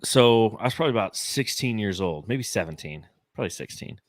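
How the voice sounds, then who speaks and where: Rambling low-voiced podcast host, man in his forties. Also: animated, a little fast, no echo. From Phoenix, Arizona, US. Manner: rambling, profane storytelling full of fillers. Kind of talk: casual sports podcast chat.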